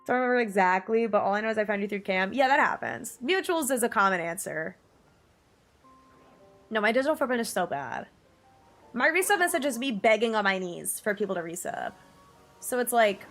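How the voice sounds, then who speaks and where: A young woman in her twenties streaming, chatting casually with viewers in a bubbly, giggly way, her pitch jumping up often. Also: big pitch swings, normal speed, long pauses, a bit bright. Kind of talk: casual livestream chat reading viewer messages. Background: faint music.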